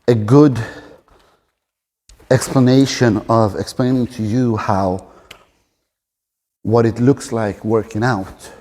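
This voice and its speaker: A man in his forties talks straight to camera, earnest and direct as he coaches the listener on staying fit. His voice is mellow and relaxed. The sound carries the long reverb of a big gym room. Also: mid-range voice, slow, long pauses. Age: 40s. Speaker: fitness and fighting coach. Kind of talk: motivational talk to camera.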